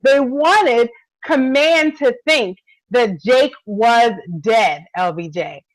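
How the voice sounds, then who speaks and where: Woman, high lively voice, dry close sound, casual recap. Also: slow, no room sound, low-quality recording. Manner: expressive, laughs often, keeps addressing co-host. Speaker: podcast co-host.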